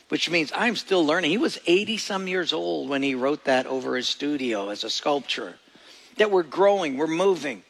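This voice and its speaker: A man's voice: a little high, fairly bright tone. A male pastor giving a sermon with folksy jokes and emphatic, storytelling delivery.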